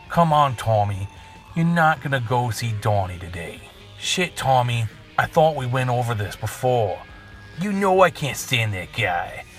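A man putting on the voice of a brash, profane, nagging wife with a Boston accent, loud and shrill. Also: lightly acted.

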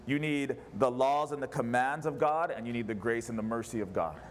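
A man's voice: medium pitch, brisk. A pastor preaching a sermon in church, an impassioned man who fires off rhetorical questions. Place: church service.

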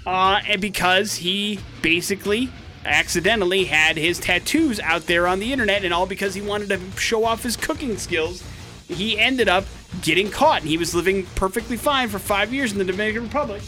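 A man's voice: sits high, a little fast, bright, forceful tone, faint music behind. A man hosting a morning radio show, telling a news story in a chatty, wry way. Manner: chatty and wry, with a dry joking aside. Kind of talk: casual radio banter, storytelling a news item.

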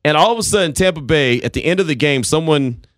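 Forties guy hosting sports talk, super animated pitch, dry studio sound. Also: quick pace, dry recording. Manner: animated storytelling, acts out voices. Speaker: sports talk show host.

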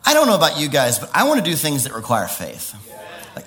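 A man preaching a lively sermon, laughing often, with sudden high exclamations and quiet stretches. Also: brisk.

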